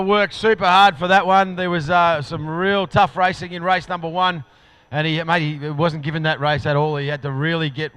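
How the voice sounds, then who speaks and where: A man with an Australian accent calling a live powerboat race, excitable and rising to shouts at the finish. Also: a little high, smooth, no room sound. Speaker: race commentator. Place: commentary box at an outdoor lake event.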